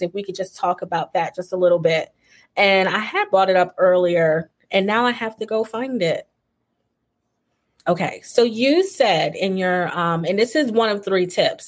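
A woman hosting a casual interview chat, talking in a relaxed, filler-heavy way with frequent laughs. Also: lowish voice. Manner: chatty, warm filler-heavy talk with laughs. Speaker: host.

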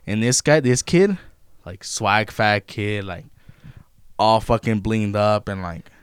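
A young man, telling stories in a loose, profane, animated way in casual chat. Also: lowish voice, slow, clear, resonant tone, no room sound. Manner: profane, animated retelling of customer-service run-ins.

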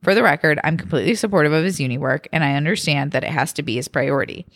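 A woman's voice: deep voice, racing, fairly bright tone, no echo, studio quality. A young woman co-hosting a podcast, chatting casually and reading a forum post aloud in an easygoing tone. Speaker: podcast co-host.

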